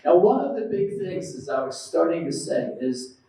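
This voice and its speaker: A man's voice: a little high, very animated, moderate pace, warm tone. A man giving a devotional lecture as a preacher, telling stories and acting out quoted voices while questioning his audience. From United States. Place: temple hall. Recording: very echoey hall, mic at a distance.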